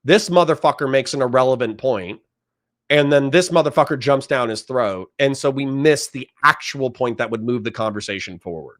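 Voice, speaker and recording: A man commenting live on a debate stream, heated and profane, ranting in quick bursts. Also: mid-range voice, a bit bright. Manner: heated, profane, rapid rants.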